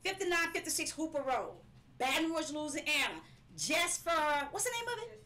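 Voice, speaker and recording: A woman's voice: high-pitched, sing-song, normal speed, bright, forceful tone. A woman preaching a live-streamed sermon, emphatic and repetitive, sometimes breaking into laughing cries.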